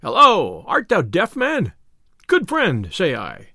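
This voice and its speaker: A man's voice: on the high side, very animated, normal speed, creaky, fairly bright tone, no room sound, studio quality, heavily acted. A man reading aloud, voicing a cheerful, teasing young outlaw hero in an audiobook tale. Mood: hailing. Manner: jovial, playful.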